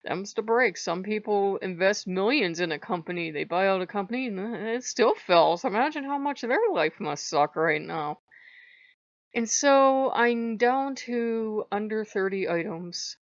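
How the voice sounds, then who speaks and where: A woman's voice: mid-range voice, animated, a little slow, dry recording. Woman vlogger, emotional confessional, dull dry mic. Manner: candid and emotional, swears freely, laughs through it. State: after crying. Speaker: channel host. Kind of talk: casual personal vlog. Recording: muffled dry homemade mic.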